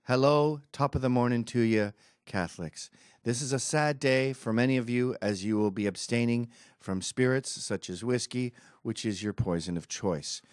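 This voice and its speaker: Guy doing a quiet low fake-solemn politician greeting, dry sound. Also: normal speed, clean tone, dry recording, close to an everyday voice. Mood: mock solemn. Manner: solemn mock-official address. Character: mock politician greeting Catholics.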